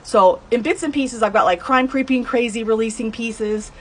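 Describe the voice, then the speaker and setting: A woman in her thirties or older, telling her own story in a blunt, heated way, swearing and breaking into high outbursts. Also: moderate pace, poor audio. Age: adult, over 30. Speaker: true crime vlogger telling her mother's case. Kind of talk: emotional first-person storytelling.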